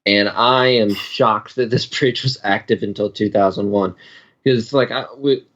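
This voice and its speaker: Low-voiced rambling podcast guy. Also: fairly even intonation, measured pace, fairly bright tone, muffled recording. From Texas. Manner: rambling storyteller, many fillers. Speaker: podcast co-host. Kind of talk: casual chat.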